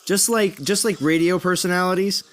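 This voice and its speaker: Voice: medium pitch, moderate pace. A stream host chatting casually with friends, laughing often and tripping over words now and then. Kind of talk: casual chat on a live stream.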